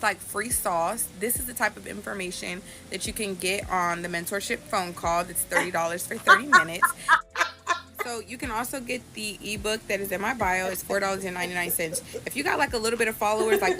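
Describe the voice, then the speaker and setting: A woman's voice: medium pitch, animated, a little fast, a loud crowd. A woman content creator talking casually to her followers, with lots of fillers. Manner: casual, filler-heavy, venting. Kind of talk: casual social media talk.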